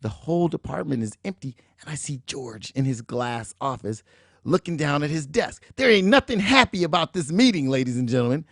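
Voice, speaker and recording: A middle-aged man hosting a show, telling a motivational story in an animated, emphatic way and acting out the dialogue. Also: on the high side, brisk, vocal fry, dry recording, studio quality. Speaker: show host, motivational speaker.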